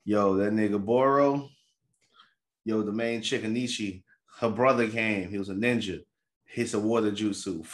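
A young man with a fairly low voice recaps an anime episode with a co-host at normal speed. He's animated and slangy, acting out the characters' lines as he goes.

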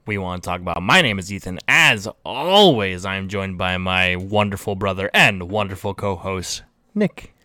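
A man's voice: low voice, normal speed, bright, forceful tone, no echo, studio quality. A man hosting a podcast, chatting casually in an upbeat, laughing, self-deprecating way. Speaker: podcast host. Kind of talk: casual chat.

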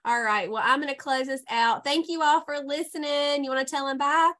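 Lady podcast host, bright voice, gushing and laughing a lot. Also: sits high, fairly quick. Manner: warm, effusive, laughs often. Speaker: podcast host and health coach. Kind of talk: casual podcast chat.

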